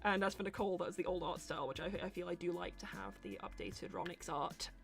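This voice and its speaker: A woman hosting a casual live-stream Q&A, chatty and quick to laugh, turning loud and animated when indignant. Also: lowish voice, vocal fry, soft background music. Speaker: host of a live voice-acting show.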